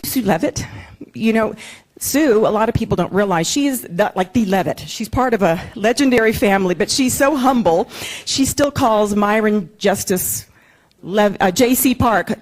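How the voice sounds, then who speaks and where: A woman with a slightly low voice gives a heartfelt acceptance speech in a council chamber. She sounds close to tears and warmly grateful throughout. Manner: heartfelt and tearful, with light laughter. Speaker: city video host receiving an award.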